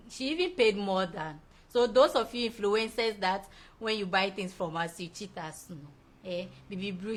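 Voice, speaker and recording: A woman's voice: medium pitch, a bit bright. A young woman hosting a show, chatting effusively and laughing often as she reads out viewer messages. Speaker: show host. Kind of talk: casual live-show chat reading viewer comments.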